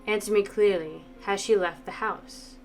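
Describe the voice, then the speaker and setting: A woman's voice: mid-range voice, moderate pace, faint music behind, lightly acted. A woman playing a cold, stern knight. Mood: cold commanding. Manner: calm, level and commanding.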